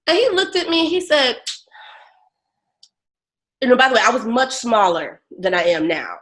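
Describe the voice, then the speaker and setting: A woman telling a story in an animated, dramatic way, with comic impressions. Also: on the high side, moderate pace. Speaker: guest. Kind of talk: storytelling interview.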